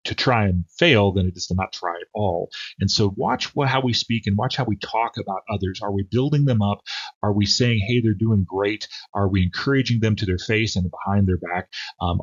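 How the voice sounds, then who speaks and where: Pastor, male, low husky voice, dull lo-fi sound, reads scripture then talks it through loosely. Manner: reads scripture then speaks off the cuff with fillers. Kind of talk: devotional sermon.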